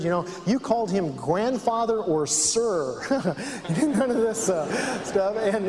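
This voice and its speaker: A man's voice: high-pitched, a little mellow, long reverb tail. A man giving a sermon-style talk, telling personal stories earnestly and asking the audience questions. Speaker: speaker on family and counseling.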